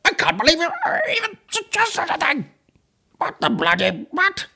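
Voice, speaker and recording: A man putting on a squeaky falsetto as a flustered posh man indignantly denying everything. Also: wildly swooping pitch, moderate pace, creaky, sharp tone, full character voice. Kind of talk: comic impression.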